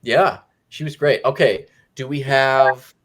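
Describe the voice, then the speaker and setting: A man hosting a casual movie review chat, animated and jokey, slipping into mock voices. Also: mid-range voice, slow. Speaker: movie review podcast host.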